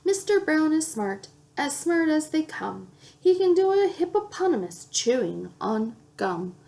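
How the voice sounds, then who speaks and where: A woman's voice: extremely high pitch, big pitch swings, moderate pace, warm tone. A woman reading children's picture books aloud, playfully acting out the sound effects. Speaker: children's book reader.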